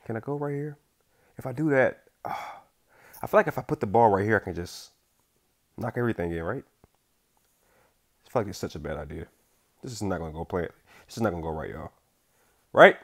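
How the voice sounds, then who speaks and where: A young man giving casual gameplay commentary, using slang and swinging between hushed focus and loud outbursts. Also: on the low side, lively intonation, brisk, long pauses. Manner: casual slang, says bro and y'all. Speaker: gaming YouTuber.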